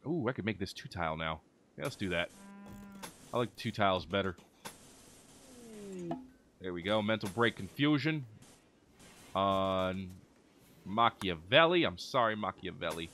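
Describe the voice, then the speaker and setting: Excitable man doing game commentary. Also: deep voice, a little slow, long pauses, a little hiss or hum. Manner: excitable, chatty, talks to game characters. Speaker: gaming video host. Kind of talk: let's play commentary.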